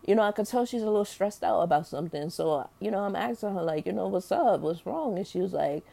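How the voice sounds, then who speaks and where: A woman's voice: mid-range voice, fast talker, creaky, mellow. A young adult woman telling a personal story in a candid, slangy, rambling way, full of fillers and explicit language. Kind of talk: casual storytelling.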